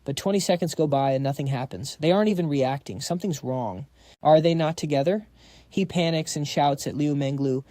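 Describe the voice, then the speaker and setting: A man narrating a comic recap in a slangy, brisk storytelling manner. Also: a little high, dark tone, no room sound, studio quality.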